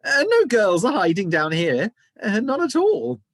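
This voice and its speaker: A man reading a storybook aloud and voicing a nervous young boy who speaks in a squeaky, flustered way. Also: wildly swooping pitch, unhurried, a bit bright, dry recording, clean studio sound, full character voice.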